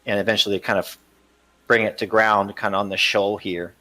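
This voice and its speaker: Man GM, lowish voice, halting narration of a tabletop game. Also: flat delivery, bright, forceful tone. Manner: hesitant, many fillers. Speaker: game master.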